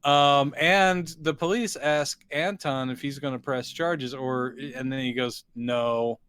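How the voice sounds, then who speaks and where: A man's voice: a little high, fairly even intonation, measured pace, a bit bright, clean tone. A man co-hosting a casual movie recap, animatedly acting out characters' lines in jokey voices. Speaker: podcast co-host.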